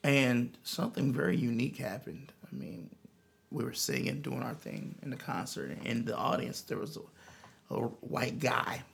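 A man guest telling a long personal story in an interview, earnest and animated, often restarting his sentences. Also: medium pitch, moderate pace, gravelly, slightly rough. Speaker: musician guest.

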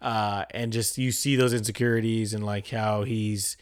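A man's voice: on the low side, steady tone, moderate pace, clear, resonant tone. A man chatting casually about a TV show, retelling scenes animatedly, laughing often and swearing. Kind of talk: casual chat.

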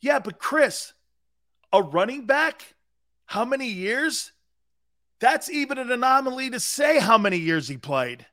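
A man's voice: high voice, a little slow, no room sound, studio quality. Emphatic male sports radio host. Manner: storytelling, emphatic repetition, rising excitement. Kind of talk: animated sports talk radio.

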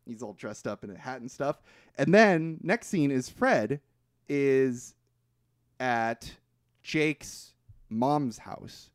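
A man talks through a film's plot for his podcast, his pitch swinging up and down as he gets into the story. He swears casually and trips over his own restarts. The sound is dry and close, with no room around it. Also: takes it slowly, no echo. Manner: animated retelling, swears freely, frequent restarts. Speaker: podcast co-host. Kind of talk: casual movie recap chat.

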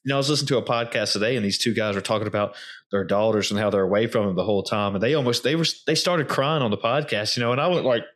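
Guy talking super fast, loose and casual, swears a bit. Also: lowish voice, a bit bright. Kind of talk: casual conversation.

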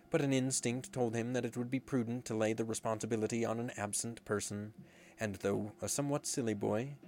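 A man reading a storybook aloud in a measured, expressive way. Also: on the low side, a little hiss or hum. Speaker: narrator.

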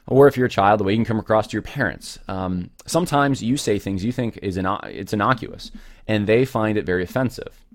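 A man's voice: lowish voice, no echo, clean studio sound. A man giving an informal Bible teaching in an earnest, conversational way, with frequent fillers and restarts.

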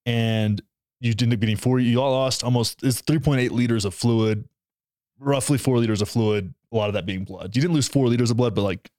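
A young man tells a story in casual conversation, his voice at an ordinary middle pitch. He talks with feeling and swears freely. The sound is dry and close, with no room echo. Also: fairly quick, a little mellow. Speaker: new father.

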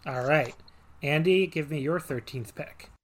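A man hosting a casual podcast over a voice call, quick and joking as he calls on each guest. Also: a little high, fairly bright tone. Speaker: host running a wrestling draft.

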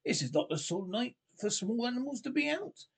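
A man voicing a rough-voiced, gruff but kindly old male badger in a storybook reading. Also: very high voice, sing-song, brisk, voice pushed up, exaggerated voice.

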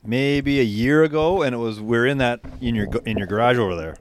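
A Canadian man trading quick, teasing replies in a casual podcast chat. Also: medium pitch, slight background noise. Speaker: podcast co-host.

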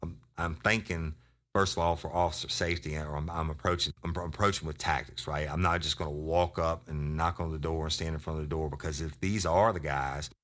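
A man's voice: extremely low pitch, fairly even intonation, fairly quick, fairly bright tone. An older man telling a story about his police days, blunt and profane. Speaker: retired sheriff's deputy storyteller. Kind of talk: casual storytelling to an audience.

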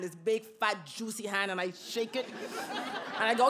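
A woman telling a personal story on stage, animated and acting out the dialogue. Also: medium pitch, normal speed, background noise.

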